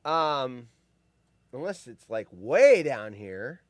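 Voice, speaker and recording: A man's voice: medium pitch, very animated, slow pace, no echo, clean studio sound. A man in his fifties hosting a live stream, rambling, joking and reading chat aloud. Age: 50s.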